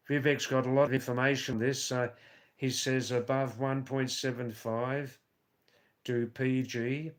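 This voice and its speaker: A man hosts a live stream and reads viewers' comments aloud. He talks at an unhurried, drawn-out pace and rambles between replies. His voice sits at a middle pitch, and he tends to tease his viewers with dry asides. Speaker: live stream host reading chat. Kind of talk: casual live stream chat. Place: Nepal or India.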